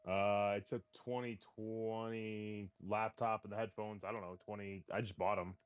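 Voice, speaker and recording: Easygoing low-voiced male player. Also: little pitch movement, moderate pace, clean tone. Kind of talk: casual chat over voice call. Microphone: headphones on voice call.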